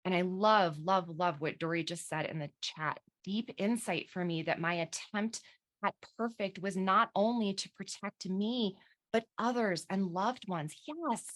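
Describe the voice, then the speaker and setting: A woman coach leading a guided visualization over a live online session, slow and soothing, swearing now and then. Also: medium pitch, a bit bright.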